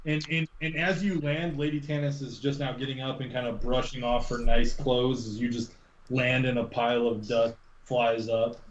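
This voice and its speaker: A man narrating a tabletop game as game master, halting, with many ums and restarts. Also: mid-range voice, flat delivery, roomy sound, highs cut off, a little hiss or hum.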